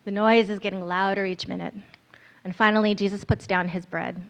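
A woman's voice: medium pitch, level tone, fairly quick. A woman narrating a guided scripture meditation in the second person, in an earnest, storytelling manner.

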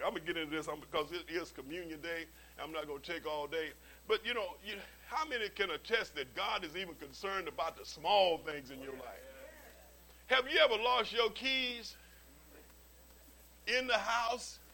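A man's voice: high voice, poor audio. A man preaching a sermon as pastor, telling stories with humorous asides and often repeating his words as he starts a sentence. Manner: animated storytelling with humorous asides.

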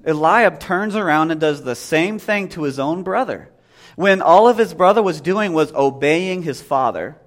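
A man's voice: on the high side, lively intonation, moderate pace. A man in his thirties preaching a casual sermon in a conversational way, often acting out voices from the story.

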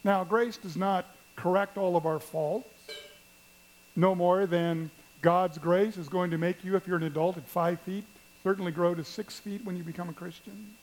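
A pastor preaching a sermon at a church service, telling stories and addressing the congregation with emphasis. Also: male voice, high voice, steady tone, moderate pace, darkish tone, a little hiss or hum, poor audio. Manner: storytelling, emphatic, speaks to the congregation.

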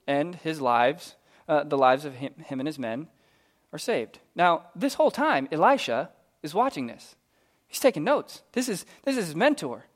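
A man preaching a sermon, telling a Bible story with animated, casual acted-out voices for its characters. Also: high-pitched.

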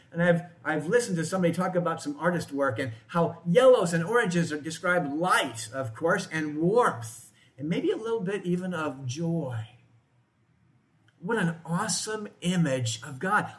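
A man preaching a sermon to a congregation in a church, in a conversational way, often asking his listeners questions. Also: fairly high pitch. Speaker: pastor.

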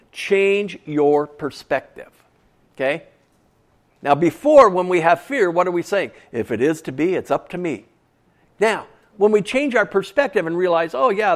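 A man preaching a sermon in a conversational way, asking the congregation questions and repeating key phrases for emphasis. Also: on the high side. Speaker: pastor.

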